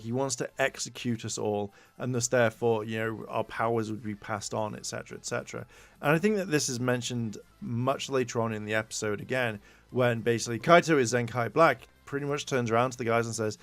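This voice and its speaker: A man's voice: mid-range voice, fairly quick, dry recording, soft background music. A man casually recapping a TV episode for a podcast, rambling with lots of fillers and acting out the characters' lines. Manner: rambling, fillers, loose quoted impressions. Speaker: podcast co-host reviewing a tokusatsu episode.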